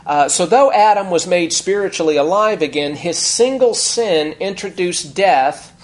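A man preaching an expository sermon in a conversational teaching manner, restarting phrases and slowing down to stress key words. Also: high voice, lively intonation. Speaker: pastor.

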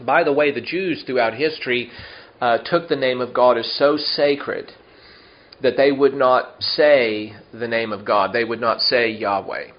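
A man's voice: mid-range voice, steady tone, lo-fi sound. Man teaching a Bible study, chatty. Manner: explains Hebrew words slowly, with asides and questions to listeners.

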